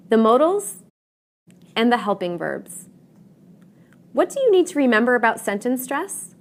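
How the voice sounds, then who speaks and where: A fairly high-voiced woman narrates an English pronunciation lesson. Her pitch swings widely as she stresses key words clearly and deliberately, in a scripted teaching tone.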